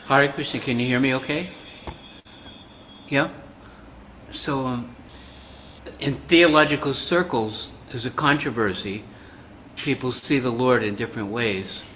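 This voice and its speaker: A man calmly explaining a theological idea in a devotional class over a call. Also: mid-range voice, measured pace, long pauses, slight background noise, poor audio. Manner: calm, explanatory. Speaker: class participant.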